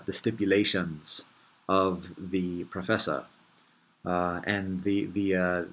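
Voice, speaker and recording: A man with a somewhat low voice talks through his thoughts in a relaxed, rambling monologue. He circles back, restarts sentences and drops casual slang as he hosts. The delivery is easygoing and reflective. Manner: meandering, thinks aloud with frequent restarts. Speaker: host.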